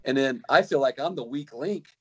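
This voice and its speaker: A man's voice: mid-range voice, animated, normal speed, a bit bright, slightly rough, dull audio. A middle-aged man, a kayak fishing guide, telling a long story in casual chat with many restarts and acted-out quotes.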